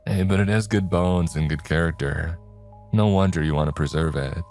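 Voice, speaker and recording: A man's voice: low voice, normal speed, a little mellow, faint music behind. A man voicing the narrator's sarcastic, wisecracking young friend. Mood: apologetic.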